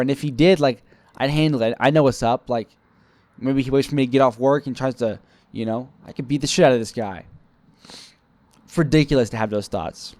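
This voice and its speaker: A man's voice: medium pitch, a little fast, darkish tone, no room sound. A young man rambling through a personal work story, self-critical, acting out quoted lines. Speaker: vlogger telling a personal story. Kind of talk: casual storytelling monologue.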